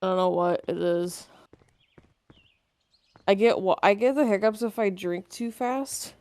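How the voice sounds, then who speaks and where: A woman's voice: mid-range voice, steady tone, a little slow, a little mellow, no echo, clean studio sound. A woman with the hiccups chatting casually with a streamer friend. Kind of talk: casual chat.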